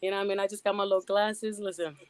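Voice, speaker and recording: A woman's voice: mid-range voice, level tone, very fast, clear, resonant tone, dry recording. A woman with a New York accent, a rapper guest in a casual radio interview, chatty and laughing often. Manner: chatty, laughs often, many "you know"s. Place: radio studio.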